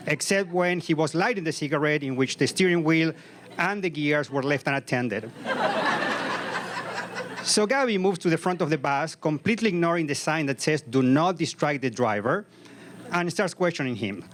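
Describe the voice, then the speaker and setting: A man's voice: fairly high pitch, animated, normal speed, a bit bright. A man in his fifties performing a live comic story on a comedy club stage, with vivid, punchy narration into a stage microphone.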